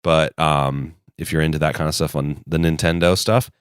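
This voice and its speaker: A man's voice: a bass voice, steady tone, moderate pace, clean tone, dry recording, clean studio sound. A man in his thirties co-hosting a casual podcast, telling rambling, enthusiastic stories. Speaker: podcast co-host. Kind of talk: casual chat.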